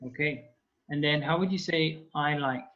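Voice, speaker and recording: A man's voice: fairly high pitch, normal speed. A man whose first language is French, teaching an online language class over a video call, prompting students patiently step by step. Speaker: French tutor. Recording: dull lo-fi call audio.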